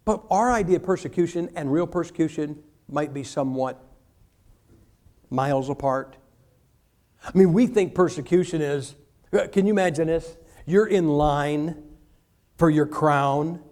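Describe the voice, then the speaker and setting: A man preaching a sermon, telling stories with humor and acting out quick asides. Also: a little high. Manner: humorous, animated storytelling with acted asides.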